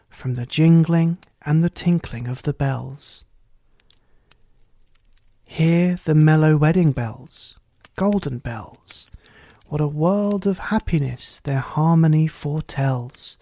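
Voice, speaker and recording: A reader reciting rhyming verse in a measured way, often dropping to a hushed, breathy near-whisper. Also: medium pitch, no room sound.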